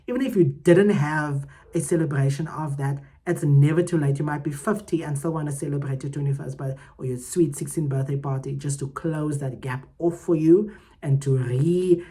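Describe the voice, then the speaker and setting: A woman hosting her own podcast, giving heartfelt, emphatic motivational talk that swings between loud and soft. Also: deep voice, normal speed. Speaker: podcast host.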